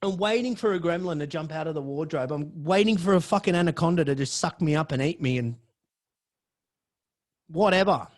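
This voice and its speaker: A young man, hosting a podcast and telling a story in a profane, excitable way. His voice swings from low mutters to loud outbursts. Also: brisk. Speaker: podcast host. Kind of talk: storytelling monologue.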